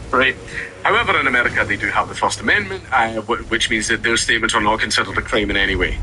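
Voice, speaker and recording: A man's voice: fairly low pitch, sharp tone, low-quality recording. A man giving sarcastic, ranting commentary, reading news aloud and then mocking it. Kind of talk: ranting commentary over gameplay.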